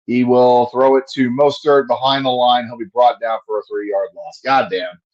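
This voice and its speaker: A man's voice: medium pitch, steady tone, moderate pace, darkish tone, highs cut off. A man giving casual play-by-play commentary on a fan livestream, profane and frustrated, ranting between plays.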